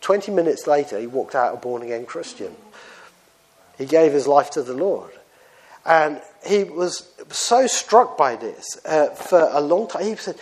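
A man preaching a sermon in a conversational, storytelling style, often pausing with fillers. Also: fairly high pitch, lively intonation, darkish tone.

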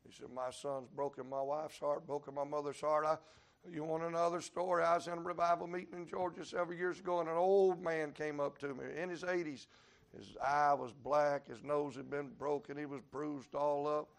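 A male preacher delivering a revival sermon, storytelling in a folksy way and breaking into sudden shouts. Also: on the high side, little pitch movement, normal speed, creaky. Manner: preaching with sudden shouted peaks and Southern folk sayings.

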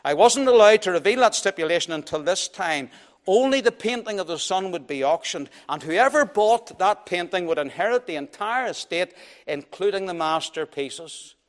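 A man's voice: high voice, animated, normal speed. A man voicing a persistent male auctioneer who calls out bids insistently. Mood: apologetic. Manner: loud, insistent calling out.

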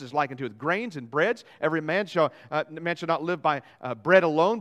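A man preaching a sermon as pastor, lively and joking, acting out quotes and asides. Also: fairly high pitch. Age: young adult or middle-aged, father of young boys.

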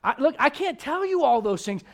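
A man with a notably high voice preaches a sermon, pressing his points with emphatic rhetorical questions. He speaks as a pastor addressing his congregation. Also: big pitch swings, fairly quick. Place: church service before a congregation.

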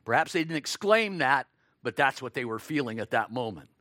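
A man preaching a sermon, expressive, acting out quoted lines and asking his listeners rhetorical questions. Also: mid-range voice, a little fast, no room sound, studio quality.

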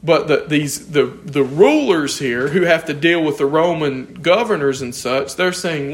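A man teaching an informal Bible study, lively and questioning, often chuckling as he explains the text. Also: fairly high pitch, measured pace, few pauses.

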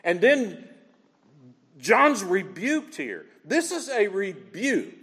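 A man's voice: sits high, huge pitch swings, takes it slowly, a bit bright, slightly rough, big-room sound. A man preaching a sermon, emphatic and full of rhetorical questions, speaking in a church sanctuary. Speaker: pastor.

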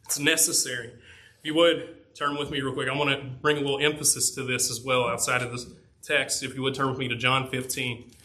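A man preaching a sermon to a congregation, earnest and emphatic, rising in volume on key points and dropping low on others. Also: level tone, fairly quick, pushed and bright. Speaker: pastor.

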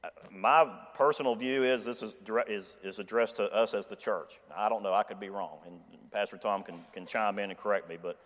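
A man's voice: fairly low pitch, fairly quick, fairly bright tone. A man teaching a Bible passage to a church group in an informal, conversational way. He often restarts his sentences and checks in with the listeners by asking "okay?". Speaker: lay preacher. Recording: long church reverb.

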